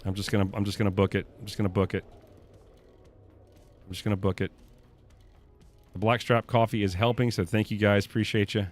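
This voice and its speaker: A man's voice: on the low side, flat delivery, a little fast, long pauses. A young man streaming a survival game live, cursing, panicking and talking to his chat as he plays. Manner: profane, panicky, talks to chat. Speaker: gaming streamer. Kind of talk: live gameplay commentary. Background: faint game music.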